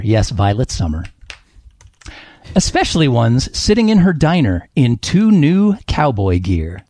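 A man's voice: mid-range voice, huge pitch swings, unhurried, warm tone, husky, no echo, studio quality. A man hosting a comedy panel game, reading book blurbs aloud with playful, laughing, dramatic delivery. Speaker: host.

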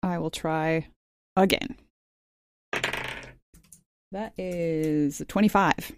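A woman's voice: low-pitched, fairly even intonation, drawn-out words, background noise. A woman playing a tabletop game, methodically checking the rules before each move. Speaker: player.

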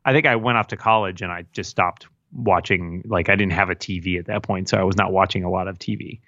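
A man's voice: deep voice, fairly even intonation, fast talker, pushed and bright, dry recording, lo-fi sound. A man, an author guest on a podcast, chatting casually with wry, self-deprecating humor. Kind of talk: casual chat.

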